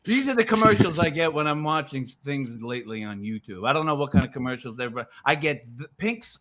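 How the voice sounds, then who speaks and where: A man's voice: on the high side, sing-song, fairly quick, hardly any pauses, bright, forceful tone. A man in a casual comedic chat, rambling and riffing loosely and swearing freely.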